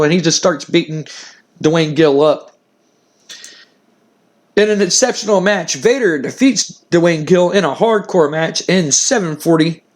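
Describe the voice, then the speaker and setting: A man's voice: a little high, normal speed. A man casually recapping a wrestling management game playthrough, rambling with many fillers and restarts. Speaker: gaming video host.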